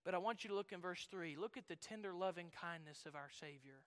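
A man preaching a sermon, moving between loud shouted passages and quiet, low-voiced reflection, and reading scripture in old-fashioned Bible phrasing. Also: a little fast, clear, resonant tone, in a large hall.

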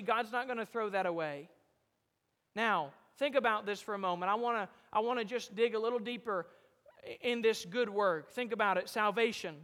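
High-voiced preacher in a reverberant hall. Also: male voice. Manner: rises to loud emphatic peaks, drops to soft low lines; quotes King James scripture. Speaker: pastor. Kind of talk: sermon.

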